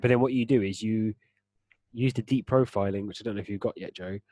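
A man's voice: lowish voice, fast talker, dark tone, dry recording. A young man in casual gaming chat, explaining at length and laughing often as a podcast co-host.

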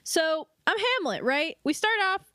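Brief: young woman co-host, high voice, giggly and playful, close dry sound. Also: very animated, measured pace, dry recording. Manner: giggly, playful, breaks into loud mock wails. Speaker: podcast co-host. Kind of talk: casual comedic book chat.

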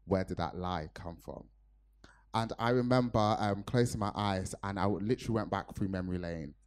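Male preacher from Nigeria, low voice, earnest storytelling sermon. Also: fairly quick.

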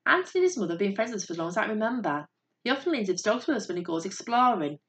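A woman narrating a story in a steady, measured voice. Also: medium pitch.

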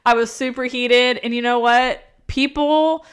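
Blunt, animated woman with a smooth voice. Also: a little high, a little slow. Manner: blunt, swears freely, animated storytelling. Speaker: podcast co-host. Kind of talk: casual chat.

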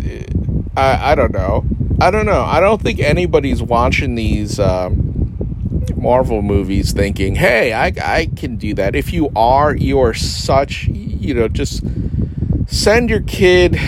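A man rants casually and sarcastically, stumbling over his words and cursing as he jumps between thoughts. His voice sits at an ordinary middle pitch. Clear background noise with passing vehicles runs under everything. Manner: sarcastic, rambling, mocking voices in quotes; frequent restarts and profanity. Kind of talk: casual rant.

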